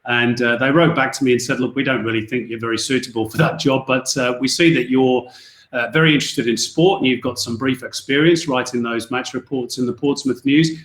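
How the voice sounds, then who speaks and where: An English man, a sports commentator as a podcast guest, telling relaxed stories with many fillers and restarts. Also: medium pitch, fairly quick, reverberant. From England. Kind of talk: casual podcast interview.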